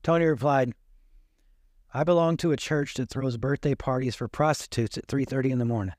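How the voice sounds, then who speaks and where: A man's voice: mid-range voice, fairly quick, a little mellow, no echo, studio quality. A man, a pastor, preaching a sermon and retelling a story with quoted dialogue.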